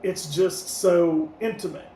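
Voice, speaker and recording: High-voiced man in an echoey room. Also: slow, recorded from a distance. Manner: relaxed, gives scores out of ten, laughs easily. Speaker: podcast co-host reviewing albums. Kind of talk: casual review chat. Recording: echoey room, mic set back, faint noise.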